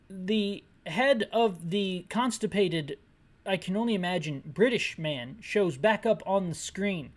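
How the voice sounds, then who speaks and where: Animated, sarcastic woman commentator. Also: fairly low pitch. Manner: sarcastic, ranting asides. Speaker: game commentator. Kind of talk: descriptive audio game playthrough commentary.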